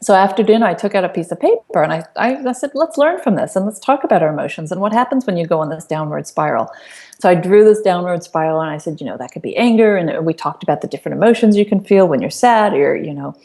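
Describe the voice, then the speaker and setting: A woman's voice: fairly low pitch, animated, fast talker, dark tone. A middle-aged woman speaking as an interview guest, telling a personal story earnestly, with fillers and restarts. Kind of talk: conversational storytelling.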